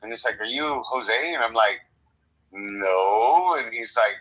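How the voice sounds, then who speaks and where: Telling a story in casual podcast chat, the young American co-host rambles, curses and acts out both parties in the conversation. His mid-range voice is brisk, bright and forceful, captured in a low-quality recording.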